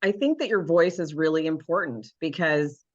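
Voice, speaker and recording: A woman's voice: low-pitched, normal speed. A woman hosting a podcast, chatting in an affirming way and using lots of "like"s. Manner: warm, affirming, chatty with many "like"s. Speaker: podcast host. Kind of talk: casual interview conversation. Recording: slightly dull lo-fi audio.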